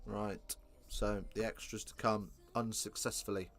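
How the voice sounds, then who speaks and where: A man calling a live rugby game, chatty and self-correcting, lifting into excited bursts on big plays. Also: on the low side, measured pace. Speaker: rugby commentator. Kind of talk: live alternative play-by-play commentary.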